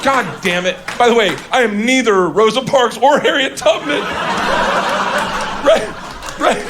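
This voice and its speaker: A man's voice: very high voice, animated, a little slow. Rowdy, profane stand-up comedian man. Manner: rowdy, profane, laughing through lines. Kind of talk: stand-up storytelling. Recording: noisy live stand-up recording.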